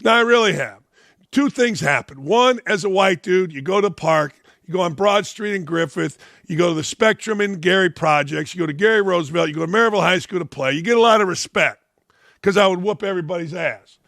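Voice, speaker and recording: Blunt, gravelly older man ranting. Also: high voice, a little fast, a bit bright, no room sound, clean studio sound. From Northwest Indiana. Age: 60s. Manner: blunt, combative, profane. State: slightly under the weather. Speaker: host. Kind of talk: opinionated sports commentary.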